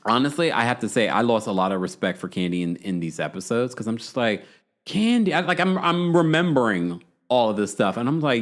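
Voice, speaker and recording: A male podcast host gives a casual reality show recap. His voice is mid-pitched and swoops lively and animated, with frequent gossipy laughter. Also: fast.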